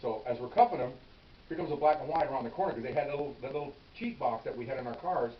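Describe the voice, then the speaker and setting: An older man, a retired police officer, tells a story from his patrol days in a quick, conversational way. He acts out each line of dialogue and keeps adding "okay?" asides. The sound is roomy and distant, dull and a little lo-fi, with a faint hiss. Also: medium pitch. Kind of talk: casual anecdote storytelling.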